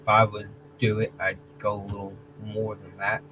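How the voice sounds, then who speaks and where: A man hosting a casual livestream, talking in a rambling, halting way, restarting phrases and clearing his throat. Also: fairly low pitch, monotone, noisy background. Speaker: livestream host.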